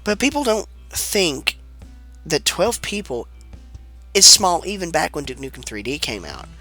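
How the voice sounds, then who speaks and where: Man, sick-sounding voice, bright tense tone, relaxed rambling game commentary, casual swearing. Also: fairly high pitch, measured pace, soft background music. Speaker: let's play commentator.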